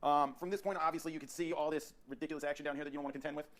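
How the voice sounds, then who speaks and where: Rapid-fire male photography coach. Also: a little high. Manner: rapid, energetic coaching with frequent restarts and repeats. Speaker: portrait photographer teaching posing. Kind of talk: hands-on photography tutorial, directing a subject. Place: photo studio.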